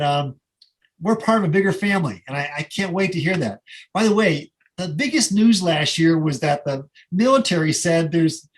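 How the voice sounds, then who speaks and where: A middle-aged man presents to an audience in an easygoing, talky way. His voice sits a bit above the usual male pitch. He wanders into asides and fills pauses with ums and uhs. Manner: conversational, rambling asides with many fillers. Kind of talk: casual presentation with slides.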